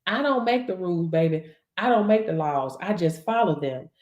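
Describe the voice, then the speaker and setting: A woman's voice: fairly low pitch, expressive, moderate pace, a little mellow, highs cut off. A woman host, giving a preachy, emphatic motivational talk to livestream viewers and laughing often. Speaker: livestream host and business coach. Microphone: livestream setup. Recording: echoey room.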